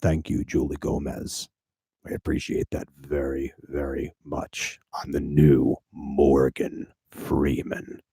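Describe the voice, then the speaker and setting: A slow, gravel-low older narrator, put on by a man, rolls out each word with mock grandeur. The voice sits well below his normal speech and is unhurried. It sounds somewhat back from the mic in a dry, close space. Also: monotone, dark tone, no echo, heavily acted. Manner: slow, low, drawn-out delivery. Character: deep slow older male narrator impression.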